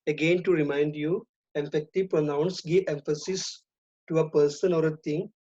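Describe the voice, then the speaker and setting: A woman teaching an English grammar lesson, speaking deliberately, repeating and stressing key terms. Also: sits low, steady tone, a little mellow. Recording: dull lo-fi recording.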